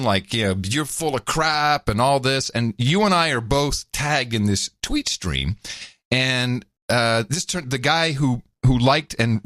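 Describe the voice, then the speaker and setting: A podcast co-host with a mid-range voice chats casually, telling animated stories and laughing often. The recording is dry with clean studio sound.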